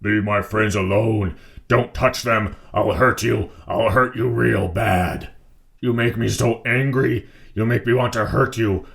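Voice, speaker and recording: A man's voice: mid-range voice, flat delivery, vocal fry, pitched above the performer's own voice, exaggerated voice. A man doing a hulking, childlike brute pleading for medicine. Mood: menacing. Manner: slow, simple broken phrases, pleading for medicine. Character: brutish hulking male inmate, childlike and violent.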